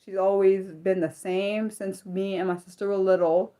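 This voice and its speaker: A woman's voice: mid-range voice, fairly even intonation, normal speed, dark tone. A young adult woman hosting an unscripted livestream, talking earnestly in a rambling way with lots of stammered restarts and reacting to viewer comments as she reads them. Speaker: livestream host.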